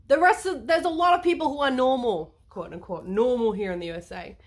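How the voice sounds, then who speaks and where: A woman talks straight to camera in a loose, playful vlog monologue, drifting through asides and acting out bits of other people's speech. Her voice sits a little high for a woman. She sounds animated and unscripted throughout. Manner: playful and animated, acts out quotes, rambling asides. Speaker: vlogger. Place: lives in the United States.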